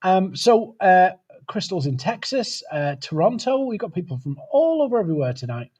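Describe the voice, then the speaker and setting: A man's voice: high-pitched, sing-song, normal speed, darkish tone, breathy edge. A man hosting a live webcast, chatting casually and greeting viewers by name. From United Kingdom. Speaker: webcast host.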